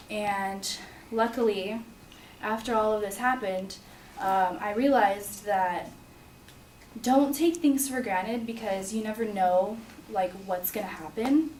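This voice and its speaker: A young woman recounts a personal story in a halting, earnest voice, pausing and restarting often. She sounds set back from the mic in a roomy space, with a faint hum of ambience behind her. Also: mid-range voice, darkish tone, distant mic. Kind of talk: personal story told to an audience.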